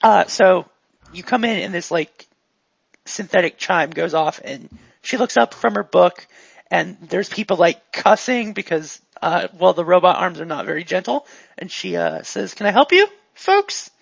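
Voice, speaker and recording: A woman runs a tabletop game in a casual, rambling way, her voice gravelly. It sounds dry and dull, like a lo-fi home mic. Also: lowish voice, normal speed, no echo. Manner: casual, filler-heavy narration. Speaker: game master.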